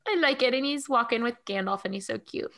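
A woman co-hosting a podcast in casual chat, emotional and animated, laughing often. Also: a little high, fast talker. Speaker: podcast co-host.

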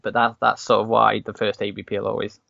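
A man's voice: lowish voice, flat delivery, fast, gravelly, bright, forceful tone, dry recording. Rambling man on a dull mic. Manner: rambling anecdotal storyteller, many restarts. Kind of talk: casual chat. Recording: slightly dull, dry recording.

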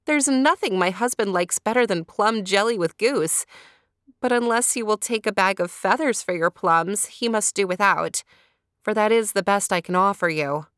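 A woman reading a storybook, voicing a friendly young farm wife in a brighter, chatty tone. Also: medium pitch, moderate pace, dry recording, clean studio sound, lightly acted.

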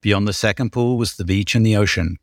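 A man's voice: fairly low pitch, fairly quick, vocal fry, no echo, studio quality. A man hosting a podcast, casually reading his own novel aloud, often stumbling and breaking into laughter. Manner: giggly, stumbling reader. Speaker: podcast host.

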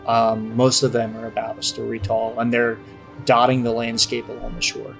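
A young man as game master, narrating a tabletop game in a relaxed way with frequent fillers. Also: mid-range voice, normal speed, gravelly, faint music behind.

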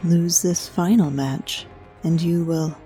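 A woman voicing a grave noblewoman who speaks slowly and gravely. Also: fairly low pitch, steady tone, dark tone, soft background music, low-quality recording. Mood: grave warning. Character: grave noblewoman, sister and leader.

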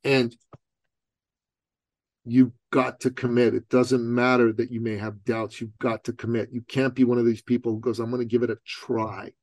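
A man's voice: medium pitch, flat delivery, normal speed, darkish tone, dry recording. A middle-aged man from Iran, a guest entrepreneur, telling a personal story in an interview with emphatic rhetorical questions.

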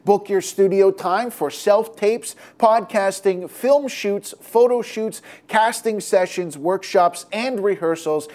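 A voice reading scripted sponsor ads in a brisk sales delivery. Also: mid-range voice, darkish tone. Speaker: sponsor ad reader. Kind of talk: scripted ad read.

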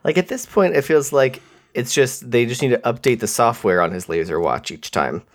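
A man's voice: medium pitch, lively intonation, moderate pace. A man co-hosting a podcast in casual chat, with dry, wry remarks. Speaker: podcast co-host.

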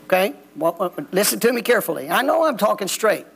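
Man preaching, high lively voice with gravel, folksy and blunt. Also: fast talker. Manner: preachy, folksy, plain-spoken. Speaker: pastor. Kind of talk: sermon. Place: church sanctuary.

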